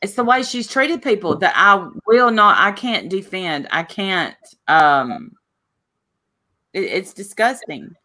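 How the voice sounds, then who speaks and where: A woman's voice: mid-range voice, expressive, slow, pushed and bright. A woman hosting a casual livestream chat over a video call, talking in a drawling, rambling way. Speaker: host.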